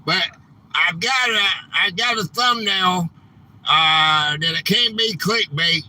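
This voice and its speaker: A man hosting a casual live stream, rambling and quick to get frustrated, saying "man" a lot. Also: sits high, bright, forceful tone, rough recording. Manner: rambling, easily frustrated, says "man" often.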